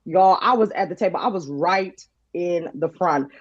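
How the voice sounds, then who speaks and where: A woman guest on a podcast, telling an animated story with lots of laughter and voices for the people she quotes. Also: lowish voice, normal speed, dry recording, highs cut off. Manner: lively, laughing, acts out quotes in shifting voices.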